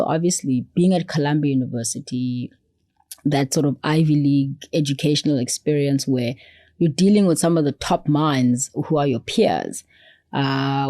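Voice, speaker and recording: A woman from South Africa chats as a podcast guest, her voice low and warm. She tells stories with animation and drops into playful voices for quotes. The sound is dry and close. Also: no echo. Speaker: podcast guest, foundation CEO. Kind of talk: animated conversational storytelling.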